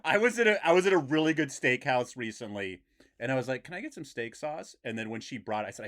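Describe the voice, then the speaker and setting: A man co-hosting a podcast in casual chat, animated and swearing freely as he rants. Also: mid-range voice, quick pace. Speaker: podcast co-host.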